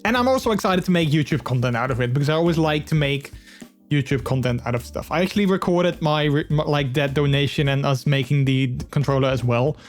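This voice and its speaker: A man's voice: on the high side, brisk, faint music behind. A man streaming live, chatting with his viewers in a rambling, earnest way full of fillers. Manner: open and earnest. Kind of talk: casual live-stream chat.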